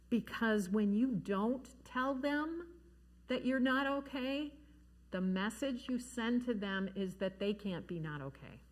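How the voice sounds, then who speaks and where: Woman, unhurried, earnest, gentle, speaking to parents in a church hall. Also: fairly high pitch, lively intonation. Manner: gentle, earnest, slows down for emphasis. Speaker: grief counselor speaking at a church forum.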